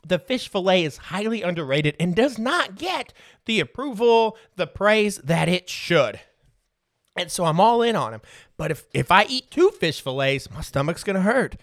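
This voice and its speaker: Here a man in his thirties hosts a podcast, laughing and swearing freely through casual stories. His high voice carries a fairly bright tone, recorded dry at studio quality.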